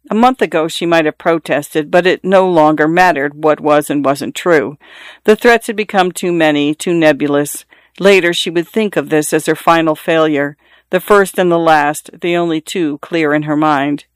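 An audiobook narrator tells a literary story in a measured, even voice at a middle pitch. The reading is steady and scripted, close to the mic. The sound is dry, with no room echo.

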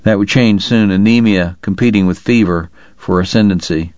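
A man narrating an audiobook in a measured, even storytelling manner. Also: lowish voice, dry recording, highs cut off. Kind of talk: scripted narration.

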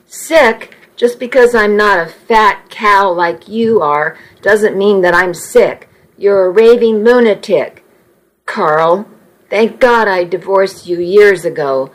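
A shrill, vain middle-aged mother full of drama and self-pity, put on by a woman reading a story aloud. She talks slowly, every line a complaint or an outburst. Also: animated, fairly bright tone, low-quality recording. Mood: indignant. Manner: dramatic, indignant.

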